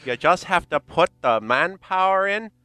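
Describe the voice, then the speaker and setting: A man with a Minnesotan accent banters at a tabletop game, teasing his friends with animated swings in his voice. Clear guitar music plays behind him. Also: sits high, unhurried, no room sound. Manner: teasing, jokey. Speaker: player. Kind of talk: casual chat.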